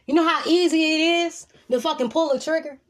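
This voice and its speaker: A woman's voice: sits high, fairly even intonation, fairly quick. A woman giving an emphatic, profane motivational monologue as a vlogger, repeating lines for emphasis.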